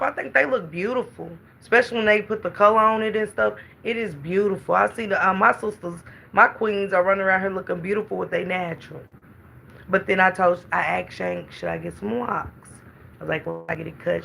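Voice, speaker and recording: A woman's voice: mid-range voice, creaky, sharp tone. A middle-aged woman, chatting casually on a livestream and greeting her viewers by name.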